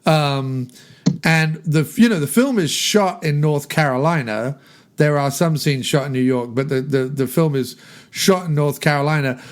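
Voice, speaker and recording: A man's voice: on the high side, moderate pace. A man chatting casually about a film, digressive and laughing at his own jokes. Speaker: podcast film discussion guest.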